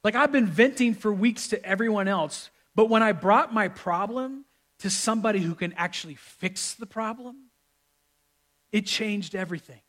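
Male pastor, high-pitched voice, conversational humorous sermon delivery in a church. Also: normal speed, a bit bright. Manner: conversational, humorous preaching with repetitions. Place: church sanctuary with live audience.

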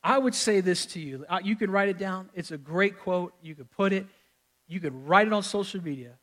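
High-voiced man preaching conversationally. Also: animated, fairly quick, fairly bright tone. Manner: conversational, humorous preaching with repetitions. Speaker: pastor. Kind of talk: sermon. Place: church sanctuary with live audience.

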